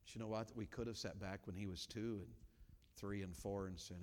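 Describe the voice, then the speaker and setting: A middle-aged man preaching a sermon as a pastor, dropping to quiet talk and then rising to loud, high-pitched preaching. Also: steady tone, a little fast. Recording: hall reverb.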